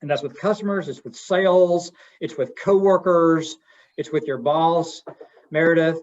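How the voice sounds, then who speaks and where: A man's voice: a little high, fairly even intonation, measured pace, darkish tone. A middle-aged man giving an interactive communication workshop in a folksy way, asking his audience questions. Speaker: webinar presenter. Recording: dull lo-fi webinar audio.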